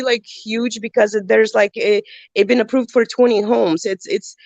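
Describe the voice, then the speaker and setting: A woman's voice: on the high side, steady tone, normal speed, gravelly, darkish tone, dry recording, lo-fi sound. A woman calling in with her first real estate deal, nervous and hesitant, filling her speech with ums and small laughs. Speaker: caller, new wholesaler. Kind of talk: call-in question to a coach.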